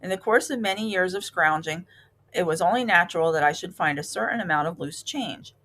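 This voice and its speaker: A woman's voice: brisk, fairly bright tone. Woman doing a whiny, dramatic stingy mouse. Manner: high, pitiful, theatrical pleading. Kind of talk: storybook read-aloud.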